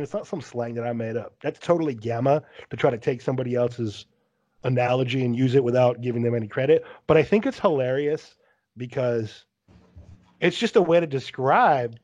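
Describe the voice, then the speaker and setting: Rambling man with a lo-fi sound. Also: a little high. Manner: rambling, says "dude" a lot. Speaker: podcast host. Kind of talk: casual chat.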